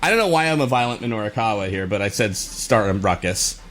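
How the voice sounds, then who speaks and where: A man's voice: medium pitch, expressive, rapid-fire, fairly bright tone. A man co-hosting a podcast, giving a casual, rambling recap from his notes with many fillers and chuckles. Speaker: podcast co-host.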